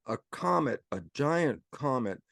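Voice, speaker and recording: Older male guest, lively explainer who acts out imagined exchanges, mid-pitched voice, dry close sound. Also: measured pace, gravelly, no room sound. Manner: animated storyteller acting out both sides of imagined exchanges. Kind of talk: casual conversational explanation.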